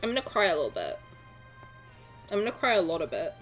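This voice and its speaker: A young woman streaming a game, chatting playfully to her viewers, joking and breaking into excited shouts. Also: lowish voice, fast, faint music behind. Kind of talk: casual game stream commentary.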